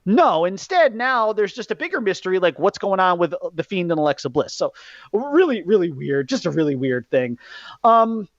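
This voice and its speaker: A man hosting a podcast, ranting in a casual, profane way about a wrestling event, jumping between loud outbursts and low muttering. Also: very animated, moderate pace, dry recording. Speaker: podcast host. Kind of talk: casual wrestling recap rant. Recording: dull lo-fi podcast mic.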